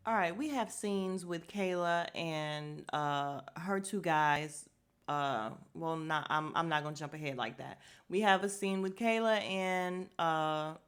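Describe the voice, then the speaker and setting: Her voice sits on the low side with a fairly bright tone. She hosts a podcast recapping a reality show, and she's blunt and opinionated, swearing freely and heating up when something annoys her.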